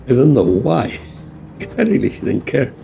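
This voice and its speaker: Gravel-voiced man musing over a game. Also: medium pitch, sing-song, measured pace, dark tone, soft background music. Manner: musing and playful. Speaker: gaming channel host. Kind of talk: let's-play commentary.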